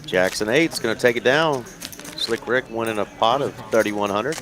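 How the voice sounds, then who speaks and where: A man's voice: on the low side, normal speed, fairly bright tone, soft background music. A man commentating live poker in an easygoing, informative way. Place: card room broadcast booth. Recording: casino crowd noise behind.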